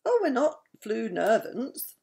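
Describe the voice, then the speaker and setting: A woman's voice: a little high, very animated, measured pace, darkish tone, pitched above the performer's own voice. A woman voicing a flustered leader dwarf who stumbles over his words.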